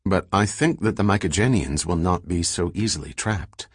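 A man playing a practical woman companion, speaking in a matter-of-fact, measured way in an audiobook. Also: low voice, breathy edge, dry recording, studio quality. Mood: calm.

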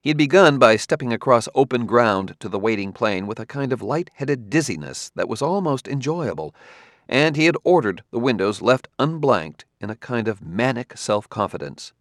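A man giving measured, expressive scripted narration of a science fiction novel. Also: mid-range voice, no room sound, studio quality. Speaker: audiobook narrator.

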